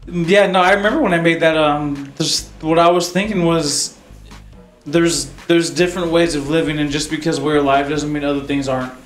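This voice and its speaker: A man's voice: fairly high pitch, fairly even intonation, normal speed. Rambling young man in an echoey room. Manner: rambling, laughs often, many fillers. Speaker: podcast co-host. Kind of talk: casual chat. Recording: echoey room with faint music.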